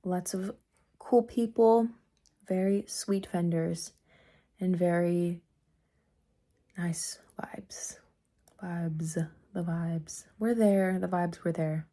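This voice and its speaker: A young woman vlogs from her car, chatting and giggling to camera about her artwork and things she found at the market. Her voice is lowish and mellow, slow, with fairly even intonation. She's a vlogger and artist.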